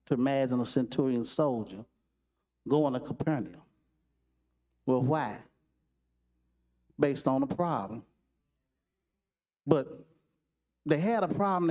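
A man's voice: medium pitch, mellow, big-room sound. A male preacher telling a story in a conversational, repetitive sermon.

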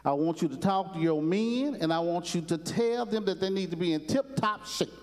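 A commanding colonel lays down the rules for his sergeants, as a preacher acts him out. The delivery is firm and steady. Long reverb from a big hall follows each line. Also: high-pitched, normal speed, voice pushed up. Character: commanding military colonel, male.

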